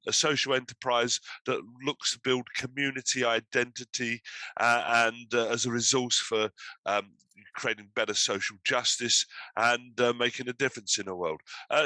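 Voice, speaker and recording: A man's voice: mid-range voice, bright, forceful tone, no room sound, poor audio. A man hosting an online panel discussion over a video call, talking in a hesitant way with many fillers. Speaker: host.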